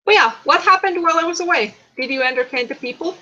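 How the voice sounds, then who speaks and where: A woman hosting a livestream in casual chat, playful, giggly and excitable. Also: extremely high pitch, quick pace. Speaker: streamer host. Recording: dull lo-fi stream audio.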